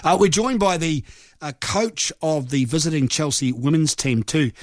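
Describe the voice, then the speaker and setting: A man's voice: a little high, normal speed, no room sound, studio quality. A middle-aged man from New Zealand hosting a sports radio show, chatty and joking at his own expense, rambling with filler words. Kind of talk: casual live radio chat.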